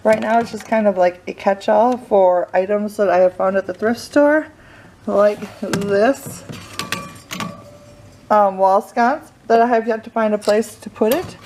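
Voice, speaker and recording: A woman's voice: medium pitch, a little mellow, slight background noise. A young woman giving a casual tour of her living room for a home vlog, a bit out of breath and nervous, chatty and rambling with lots of fillers. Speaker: home decor vlogger. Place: indoor living room, hot room.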